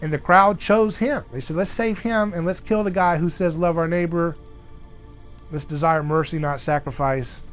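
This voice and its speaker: A man hosting a casual discussion around an outdoor fire, talking in an animated way and acting out the voices he quotes. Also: on the high side, normal speed, soft background music. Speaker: host.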